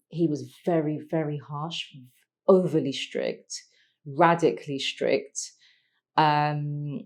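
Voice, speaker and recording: A middle-aged woman, a podcast guest telling a personal story in a reflective, halting way, with many pauses and restarts. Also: deep voice. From London, England.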